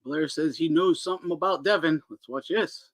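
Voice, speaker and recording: A man hosting a boxing talk podcast in a loud, profane, mocking chat. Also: on the high side, moderate pace, vocal fry. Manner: loud, profane, laughing mockery. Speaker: podcast host. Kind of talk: casual chat.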